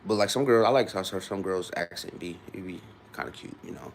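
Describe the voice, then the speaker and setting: A man's voice: deep voice, brisk, slight background noise. A young man in his twenties from Ohio, rambling casually to his live-stream viewers with loose restarts. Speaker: livestreamer.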